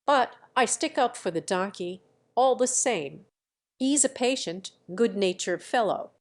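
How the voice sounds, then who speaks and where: A gentle, kind and naive young man, read by a woman who speaks mildly and earnestly in a slow, unhurried way. He stays polite and modest throughout this audiobook scene. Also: fairly high pitch, expressive.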